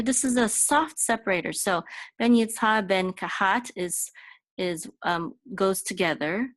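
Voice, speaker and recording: A woman teaching Torah chanting in an informal lesson, explaining patiently and breaking into short sung examples. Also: no echo. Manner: explains slowly, then sings chanted examples higher and louder.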